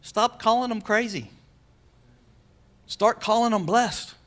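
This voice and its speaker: Brief: male pastor, high voice, casual and urgent sermon, keeps checking in with the room. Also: takes it slowly, fairly bright tone. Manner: conversational, calls out to the congregation. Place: church.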